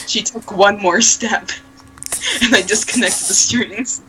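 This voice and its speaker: Slow, giggly young woman reading aloud. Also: medium pitch, a bit bright, a little hiss or hum, poor audio. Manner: reads slowly, breaks into giggles and sarcastic asides. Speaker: reader. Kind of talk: mocking fanfic read-aloud.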